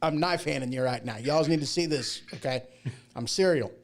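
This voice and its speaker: A man's voice: on the high side, normal speed. A man hosting a casual livestream talk show, chatty and folksy, rambling through asides and jokes. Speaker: show host.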